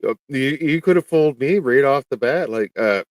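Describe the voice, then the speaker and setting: A man from Canada, a guest in a casual chat, talking in a hesitant, halting way. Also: mid-range voice, animated, dry recording.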